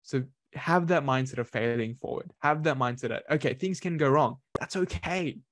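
A man speaks to an audience in an upbeat motivational talk, his pitch sitting in an ordinary middle range. He leans into words with sudden bursts of energy for emphasis. The sound is dry and close, with little room around it. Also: normal speed, dry recording. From Australia. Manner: energetic, uses lively voice changes for emphasis. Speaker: workshop speaker.

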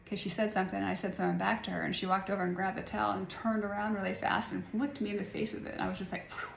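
Chatty woman with a gravelly voice. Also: mid-range voice, little pitch movement, very fast, slight background noise. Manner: chatty, rambling, laughs often. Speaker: spiritual vlogger. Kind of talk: casual spiritual talk to viewers. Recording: echoey room, faint ambience.

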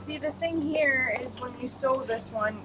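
A woman's voice: sits high, normal speed. A woman chatting bluntly with family about a sewing project. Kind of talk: casual family chat. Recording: loud background noise.

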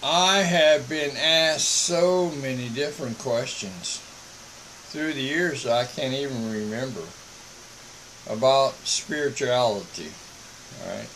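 A man's voice: medium pitch, a bit bright, a little hiss or hum, rough recording. A man, a missionary broadcasting a casual monologue from home and checking in with "all right?". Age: 70s. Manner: slow, folksy, repeats "all right?".

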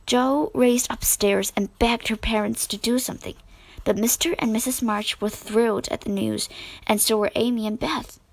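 A woman reading a children's storybook aloud as narrator, slow and measured. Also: on the high side, creaky, dry recording, rough recording.

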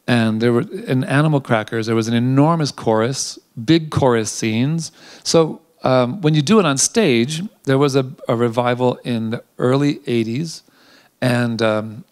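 Guy from a theater talking behind the scenes, medium voice, lots of ums, gets animated telling stories. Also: mid-range voice. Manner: animated storytelling, chatty with frequent ums. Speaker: theater director.

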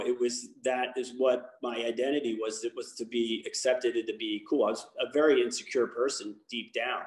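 Once more the lacrosse coach from Baltimore speaks as a guest, his mid-range voice reverberating through the space. He shares his personal story openly but loosely, with lots of fillers and restarts.

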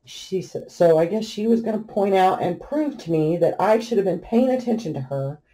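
A woman's voice: mid-range voice, moderate pace. A middle-aged woman vlogging while she crafts, chatting through a funny family story with frequent laughter. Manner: chatty storyteller, laughs often, animated retelling. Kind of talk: casual anecdote while crafting.

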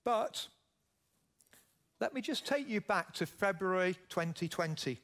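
Middle-aged Yorkshire man, keynote speaker, a touch high-voiced, storytelling and putting questions to the audience. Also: lively intonation, measured pace, a bit bright. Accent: Yorkshire English. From Yorkshire, England. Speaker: keynote speaker, business founder. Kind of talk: keynote speech. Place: conference stage.

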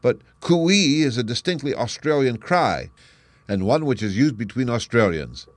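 A man voicing a confident male detective in an audiobook, crisp and brisk, pitching his voice up and speaking louder for the role. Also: lively intonation, dry recording, close to an everyday voice. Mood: explaining. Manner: brisk, crisp, declaiming deductions. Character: sharp, confident male detective, lively and assured. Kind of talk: audiobook character reading.

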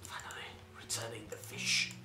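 A man's voice: normal speed, roomy sound, whispered. A young man giving game commentary as a host, joking around, swearing and laughing often. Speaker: let's play host.

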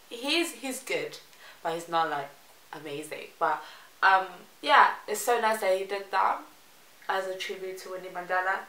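Woman from South Africa, reaction vlogger; slow, rambling, bright tone, roomy echo with faint music behind. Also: medium pitch. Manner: rambling, chatty, laughs between phrases. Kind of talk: casual reaction chat.

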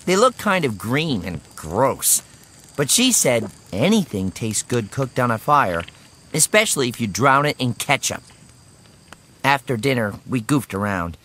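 A man narrating a children's story in the first person, expressive and animated. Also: mid-range voice. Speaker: audiobook narrator.

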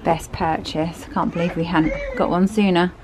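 A woman's voice: lowish voice, fairly even intonation, moderate pace. A woman from southern England chatting casually on a family vlog, cooing at pets and kids. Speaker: family vlogger. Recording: loud background noise.

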